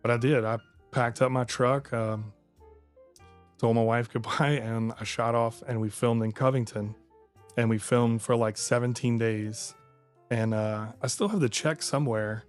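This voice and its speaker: A man with a Cajun accent spins stories in relaxed podcast chat. He is from Louisiana and slips into other people's voices as he quotes them, at an everyday pitch. A little music sits faintly underneath. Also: measured pace. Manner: chatty, acts out other people's lines in quotes. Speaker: podcast guest. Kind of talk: casual storytelling chat.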